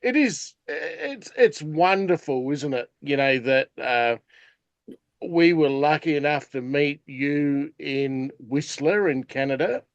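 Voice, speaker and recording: A man's voice: a little high, animated, takes it slowly, dry recording, dull audio. A man with an Australian accent chatting casually as a podcast co-host, rambling with lots of fillers. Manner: rambling, full of "you know" fillers. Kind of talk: casual chat.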